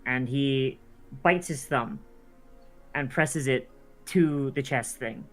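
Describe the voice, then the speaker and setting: A man's voice: medium pitch, slow pace, soft background music. Chatty man running a tabletop game. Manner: chatty, fumbling narration with many fillers. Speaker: dungeon master.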